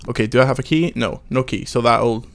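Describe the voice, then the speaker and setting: A man's voice: mid-range voice, a little fast, vocal fry. A young man with a wry, joking manner, chatting casually while playing a video game. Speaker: games video host, playing. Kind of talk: casual let's-play chat.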